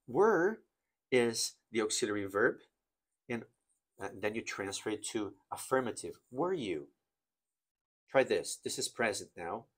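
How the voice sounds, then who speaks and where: A man teaching an English grammar lesson, explaining slowly and reading example sentences with exaggerated intonation. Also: lowish voice, sing-song, husky.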